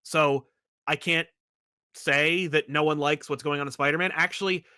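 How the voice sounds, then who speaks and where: A man co-hosting a casual podcast chat, talking in long animated runs with many restarts. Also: a little high, moderate pace, clear, resonant tone. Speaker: podcast co-host.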